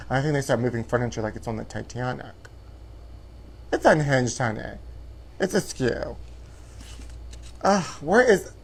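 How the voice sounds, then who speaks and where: A man's voice: on the high side, gravelly. A man hosting a live show from his apartment, chatty and theatrical, sprinkling "honey" through his campy gossip. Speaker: host.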